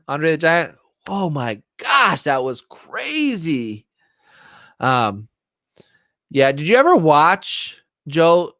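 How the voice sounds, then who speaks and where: A middle-aged man hosting a casual livestream chat, excitable and rambling as he reminisces. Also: mid-range voice, dry recording, studio quality. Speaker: livestream host. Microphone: streaming setup, close mic.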